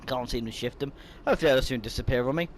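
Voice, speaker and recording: A man's voice: medium pitch, rapid-fire, slight background noise. A man casually commenting on his own game playthrough, chatty and rambling, bothered by hiccups as he talks. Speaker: gaming YouTuber. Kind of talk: casual let's-play commentary.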